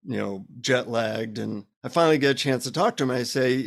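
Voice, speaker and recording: Male guest; lively anecdote teller, wry about himself, average pitch. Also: fairly quick, vocal fry. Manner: animated, self-deprecating anecdote teller. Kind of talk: casual interview storytelling.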